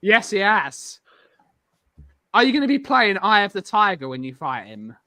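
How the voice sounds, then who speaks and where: A man's voice: high voice, big pitch swings, normal speed, sharp tone, dry recording, studio quality. A man hosting a live-stream game show podcast, reading out chat comments and bantering with co-hosts. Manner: reads chat comments aloud, laughing, bantering. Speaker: podcast host.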